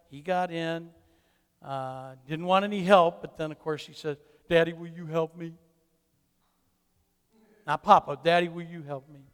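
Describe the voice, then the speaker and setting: An older man, a grandfather, telling a family story in a halting way, repeating words, with self-mocking humor. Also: fairly high pitch, smooth, long reverb tail. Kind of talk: personal storytelling.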